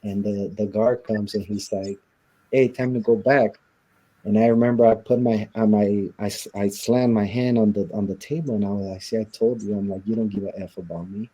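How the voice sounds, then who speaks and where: A man with a low, very dark and mellow voice tells his own story in an interview. He talks casually, acting out old conversations and leaning on "you know" and "like". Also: steady tone, normal speed, breathy edge. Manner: casual, storytelling with many quoted exchanges and fillers. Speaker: interview guest.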